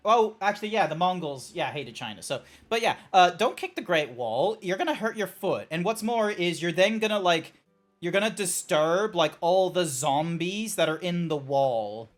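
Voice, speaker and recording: A man's voice: high voice, animated, normal speed, faint music behind. A man streaming a game, chatting casually and rambling through joking tangents. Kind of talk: casual live-stream chat.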